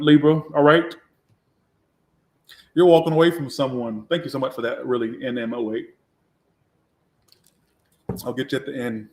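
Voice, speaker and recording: A man's voice: mid-range voice, a little mellow. Sassy, profane tarot-reading man. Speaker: tarot reader. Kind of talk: casual live tarot reading. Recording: echoey room.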